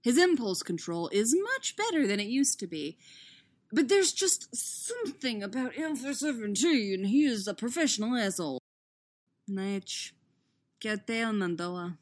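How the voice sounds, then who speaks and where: A woman's voice: a little high, lively intonation, unhurried. A woman reading a podfic, chatting through her bloopers and author's notes, swearing freely and laughing at her own mistakes, recorded on a living room couch. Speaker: podfic reader.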